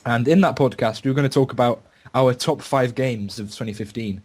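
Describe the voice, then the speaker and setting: A man's voice: mid-range voice, fairly quick. A man co-hosting a casual podcast, joking and swearing as he chats over a computer mic. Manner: swearing, joking, laughing often. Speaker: podcast co-host. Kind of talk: casual chat.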